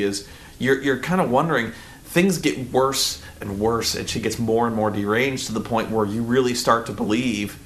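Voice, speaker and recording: A man's voice: medium pitch, fairly bright tone, a little hiss or hum. Rambling man reviewing a movie. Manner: rambling and loose, full of "like" and swearing. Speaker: film reviewer. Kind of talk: casual spoken movie review.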